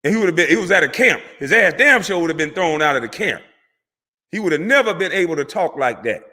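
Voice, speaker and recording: A man's voice: fairly high pitch, lively intonation, fast talker, bright, forceful tone. A man, a former pro athlete, delivering a heated, profane, preachy rant to camera that repeats words for emphasis. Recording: long hall reverb.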